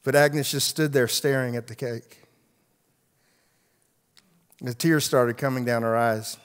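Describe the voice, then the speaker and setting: A man's voice: mid-range voice, fairly even intonation, unhurried, smooth. A man, a pastor, telling a story in a sermon, acting out the voices of the people in it, with frequent restarts. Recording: long reverb of a large hall.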